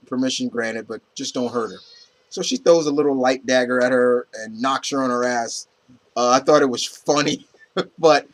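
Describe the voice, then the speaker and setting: A young man giving a casual comic book review, rambling with lots of fillers and restarts and casual swearing. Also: medium pitch. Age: young adult.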